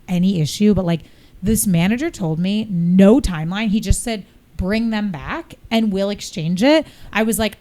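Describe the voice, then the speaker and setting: Animated woman podcast host telling a story. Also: mid-range voice. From New York. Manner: animated, laughs often while telling a story. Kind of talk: casual storytelling chat.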